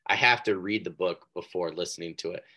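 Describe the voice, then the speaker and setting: A man hosting a podcast interview, upbeat and chatty, with quick reactions and rambling asides. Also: low voice, bright, forceful tone. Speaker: podcast host. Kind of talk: casual interview chat.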